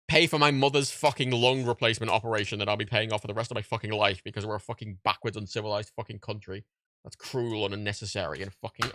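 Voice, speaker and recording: A man's voice: on the low side, steady tone, quick pace, bright, forceful tone, dry recording. A man chatting casually on a livestream while packing orders, ranting with heavy swearing and frequent laughter. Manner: profane, ranting, laughs often.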